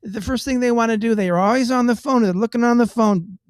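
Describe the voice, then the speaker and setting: A man's voice: very high-pitched, fast, clear, resonant tone, no room sound, clean studio sound. A man co-hosting a radio show in casual chat, rambling and incredulous, often restarting his sentences. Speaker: radio co-host.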